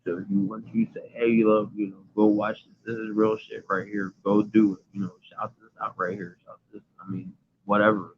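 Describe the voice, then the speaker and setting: Guy going live off his phone, low flat voice, tinny phone sound, rambles on all earnest. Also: a little fast, breathy edge. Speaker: livestream host. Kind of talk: casual livestream, reading chat aloud.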